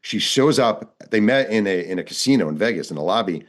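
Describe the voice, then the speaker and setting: A male author being interviewed, telling his reporting stories in a lively, narrative way and acting out the people he quotes. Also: lowish voice, brisk. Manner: vivid narrator, acts out quoted dialogue. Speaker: author and guest. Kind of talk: storytelling interview answers.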